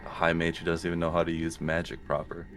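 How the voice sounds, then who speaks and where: A man playing in a tabletop game, chatty and quick to laugh. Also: sits low, monotone, music in the background. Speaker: player.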